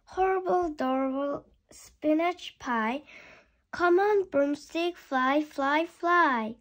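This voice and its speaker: A woman's voice: high voice, slow pace, fairly bright tone. A woman voicing a young, good-natured little girl witch in a children's storybook read-aloud. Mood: chanting. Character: young well-behaved girl witch, sad then proud.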